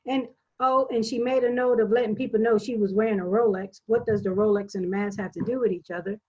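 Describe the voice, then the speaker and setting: Woman, husky voice, animated storyteller, muffled lo-fi line. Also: medium pitch, quick pace, few pauses. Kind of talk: casual group chat. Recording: dull lo-fi call audio.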